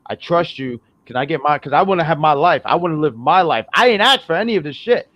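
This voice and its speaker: A man's voice: a little high, fairly quick, hardly any pauses, no room sound. Laughing man on a dull, dry mic. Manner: laughs often, rambling with restarts. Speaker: podcast co-host. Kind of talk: casual recap chat.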